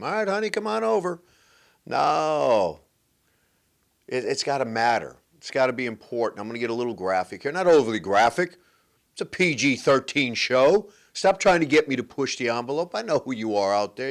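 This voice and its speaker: A man hosting a relationship advice show, talking playfully and emphatically, joking and repeating his points. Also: medium pitch. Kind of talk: animated monologue to camera.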